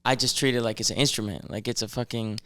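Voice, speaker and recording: A man from Massachusetts, a rapper guesting on a podcast, talking casually in a soft-spoken way while searching for his words. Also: medium pitch, steady tone, fast talker. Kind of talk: casual chat.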